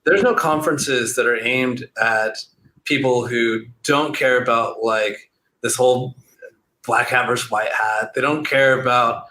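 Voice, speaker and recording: A man chatting casually as an interview guest, relaxed and rambling with lots of "like" fillers. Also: mid-range voice, a little slow. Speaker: guest, SEO entrepreneur. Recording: roomy echo with faint noise.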